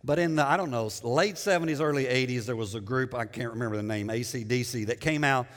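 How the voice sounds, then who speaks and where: A man's voice: medium pitch, quick pace, fairly bright tone. A middle-aged man preaching a sermon in a conversational way, repeating words and putting questions to the congregation. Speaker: pastor. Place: church sanctuary. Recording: long church reverb.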